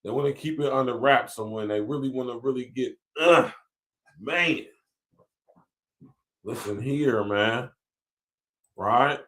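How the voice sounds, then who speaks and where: A man in the middle range of pitch hosts his own podcast with a lilt. He is emphatic and repetitive, reading text aloud and then breaking it down with asides and slang. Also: takes it slowly, pauses often, a bit bright. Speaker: podcast host. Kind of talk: casual commentary podcast.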